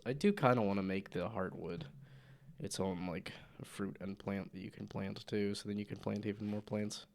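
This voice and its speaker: A man's voice: fairly low pitch, fairly even intonation, normal speed, gravelly, darkish tone, slight background noise. A man with a sick voice, casually thinking aloud and muttering to himself while coding on a live stream. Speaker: game developer streaming live.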